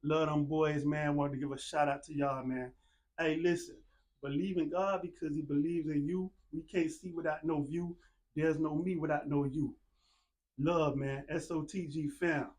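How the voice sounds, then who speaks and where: A laid-back man hosts his own show, talking in a loose, easygoing monologue. His voice sits a little high for a man. He leans on "man" and "you know what I'm saying" over and over, like he's talking to friends. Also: steady tone, normal speed, a little mellow. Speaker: podcast host. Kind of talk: casual monologue with shout-outs.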